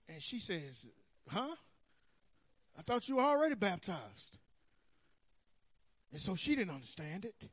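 A man preaching a sermon, telling his own story with animated swings between hushed and loud. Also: high-pitched, a little slow, long pauses, breathy edge, no room sound. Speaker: pastor. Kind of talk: sermon testimony. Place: church sanctuary.

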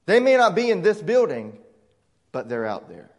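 High-voiced Southern preacher in a church. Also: male voice, very animated, moderate pace. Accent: Southern American. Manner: emphatic preaching, voicing imagined objectors. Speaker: pastor. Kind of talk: sermon. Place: church sanctuary. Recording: long church reverb.

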